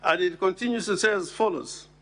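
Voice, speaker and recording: A man giving a formal address to a Senate hearing as counsel. He speaks in a deliberate, emphatic way and pauses to stress key words. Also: sits high, fairly bright tone.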